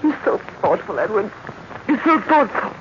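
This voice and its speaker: An actress playing a nervous, tender young governess in a 1940s radio drama, talking in a breathy, anxious way. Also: female voice, medium pitch, moderate pace, natural voice. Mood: pleading. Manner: breathy, anxious inner monologue. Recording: noisy, muffled 1940s radio recording.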